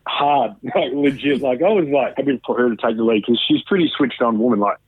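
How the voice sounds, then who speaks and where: A man tells his story as a guest in loose, profane chat, often slipping into what others said. His voice comes through husky and thin, like over a phone line. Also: mid-range voice, fairly quick, no room sound. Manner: swears often, acts out quoted dialogue. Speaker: podcast guest. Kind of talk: casual storytelling interview.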